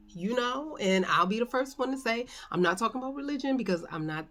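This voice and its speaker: A woman's voice: medium pitch, animated, normal speed, a bit bright. A middle-aged woman talking candidly and emotionally at home in an unscripted personal vlog, rambling with many fillers. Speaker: vlogger. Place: at home indoors.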